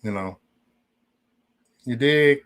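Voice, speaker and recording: A man's voice: medium pitch, very slow, clean tone. A man hosting a casual livestream, talking straight to his chat in a loose, rambling and profane way. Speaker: livestream host.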